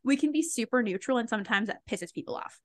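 A woman's voice: a little high, lively intonation, quick pace, dry recording, clean studio sound. A young woman guesting on a podcast, talking candidly and loosely with lots of filler words and frequent laughs. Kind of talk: casual conversation.

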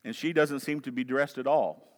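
A pastor with a Southern US accent preaching a sermon, swinging between loud urging and quiet low asides. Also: male voice, normal speed. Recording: long hall reverb.

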